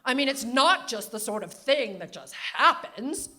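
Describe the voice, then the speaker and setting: A woman voicing a regal, brisk older woman with a clipped New England Katharine Hepburn accent. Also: fairly high pitch, very animated, sharp tone, pitched above the performer's own voice, heavily acted. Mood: matter-of-fact. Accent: New England, Katharine Hepburn style.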